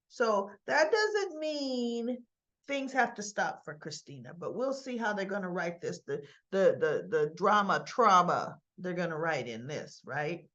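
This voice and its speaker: A woman at home, recapping soap opera episodes in a chatty, wandering way that often checks in with "right?". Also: mid-range voice. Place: at home with her dog. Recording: slightly dull lo-fi sound.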